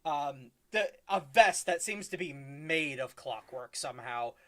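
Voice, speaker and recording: Brief: casual male GM, halting narration, animated pitch. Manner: rambling, many ums and uhs, laughs often. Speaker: game master. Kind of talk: narrating a tabletop game.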